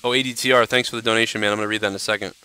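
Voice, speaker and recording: A man's voice: lowish voice, steady tone, very fast, sharp tone, smooth. Brash, profane man ranting on a live stream. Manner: profane, rambling, lots of "you know". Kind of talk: casual live-stream rant.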